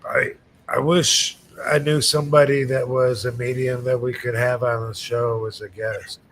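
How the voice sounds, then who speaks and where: A middle-aged man tells stories at a loose, rambling pace, stopping and restarting often. His voice sits at an ordinary pitch, with a faint low rumble in the background. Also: flat delivery, moderate pace, a bit bright, rough recording. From Michigan, United States. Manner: rambling storyteller with many fillers and restarts. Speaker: podcast host. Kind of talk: casual chat.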